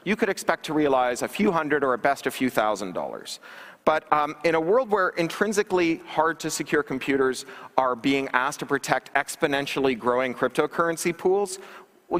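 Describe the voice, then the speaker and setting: Brief: male keynote speaker, higher voice, wry and emphatic, booming hall reverb. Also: a bit bright. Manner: wry, emphatic, sarcastic asides. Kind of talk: public lecture. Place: large conference hall stage. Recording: reverberant hall livestream capture.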